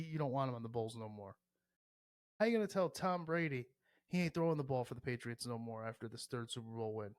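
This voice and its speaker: Profane rambling podcast host, dry close sound. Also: male voice, medium pitch, dry recording. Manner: profane, rambling, animated with sports analogies. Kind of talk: casual solo podcast rant.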